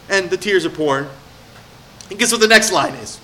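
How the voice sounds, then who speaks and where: A male pastor preaching a sermon in a conversational way, swinging from hushed personal storytelling to emphatic, rising exhortation. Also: on the high side, fast.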